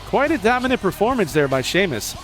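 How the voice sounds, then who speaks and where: Excitable man calling wrestling play-by-play. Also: fairly quick, soft background music. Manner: excitable, with sudden jumps in pitch on big moves. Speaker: play-by-play commentator. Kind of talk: video game wrestling commentary.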